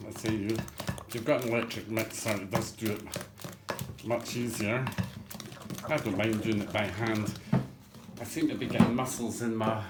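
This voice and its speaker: A man's voice: on the low side, steady tone, moderate pace, very noisy. Man, home cooking host, cheeky rambling patter; echoey kitchen with pots and dishes clattering behind. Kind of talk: chatty cooking demonstration.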